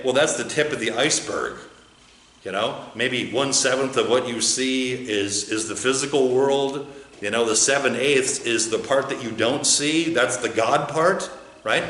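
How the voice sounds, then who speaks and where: A man's voice: mid-range voice, a bit bright. A male pastor teaching a conversational sermon, often asking the congregation questions and answering them himself, with an American accent. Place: church sanctuary. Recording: roomy church with faint ambience.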